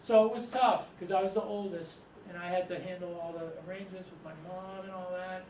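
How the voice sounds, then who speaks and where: A man's voice: high voice, steady tone, a little fast, a little mellow. A middle-aged man from Massachusetts, telling rambling stories to a live audience and chuckling often. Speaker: author and storyteller. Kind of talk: storytelling talk to a live audience. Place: room with an audience. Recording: echoey room, distant mic, noisy.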